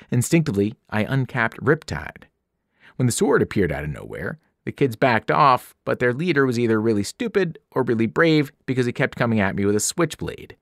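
A man narrating a novel aloud with expressive storytelling, his pitch rising and falling widely. The sound is dry and close, with no room around it. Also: no room sound. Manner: expressive first-person narration with character voices. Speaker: teacher reading aloud. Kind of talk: audiobook narration.

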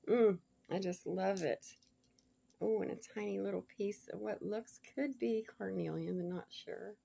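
A woman chatting casually to viewers as she unboxes a gift package, gushing and laughing often, sometimes dropping to soft murmurs. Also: mid-range voice, vocal fry, a little hiss or hum. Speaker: vlogger showing a gift package.

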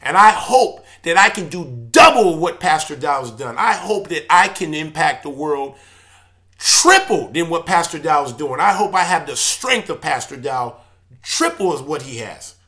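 Impassioned man with a forceful voice. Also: fairly high pitch, lively intonation, unhurried. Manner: impassioned, preaching tone, swings from loud to subdued. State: emotional. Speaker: church elder vlogger. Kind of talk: emotional personal video monologue.

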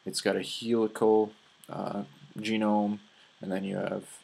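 A man's voice: lowish voice, unhurried, vocal fry, husky. A young man with a Minnesota accent giving a casual science lecture over slides, explaining loosely with plenty of filler words. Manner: relaxed, filler-heavy explaining with frequent "uh"s.

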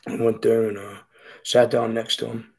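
A man's voice: medium pitch, level tone, moderate pace, vocal fry, darkish tone, breathy edge, poor audio. A middle-aged man, speaking as a podcast guest and telling his story bluntly and profanely. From Boston. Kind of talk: candid storytelling interview.

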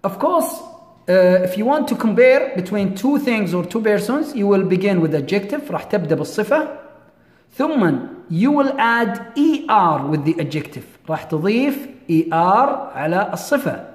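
Echoey high-voiced man teaching English grammar. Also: very animated. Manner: repeats words slowly, switches between English and Arabic. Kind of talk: classroom grammar lesson. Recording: echoey room with long reverb.

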